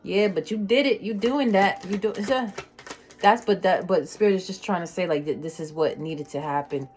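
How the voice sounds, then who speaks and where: A woman giving a casual tarot reading, emotional and slangy, swinging between loud excitement and soft near-whispers. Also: on the low side, moderate pace, music in the background. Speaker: tarot reader.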